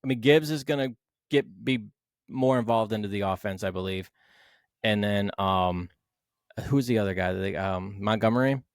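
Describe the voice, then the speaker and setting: A man co-hosting a casual sports podcast, arguing his side with animated, swearing talk. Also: lowish voice, moderate pace, clear, resonant tone, no room sound, studio quality. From Philadelphia Eagles fan. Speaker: podcast co-host.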